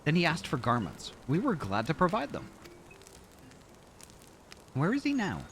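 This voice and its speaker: A man's voice: a little high, huge pitch swings, a bit bright, a little hiss or hum, heavily acted. A man reading as a solemn old insect elder. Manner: slow, halting reading of game dialogue. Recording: game music behind the voice.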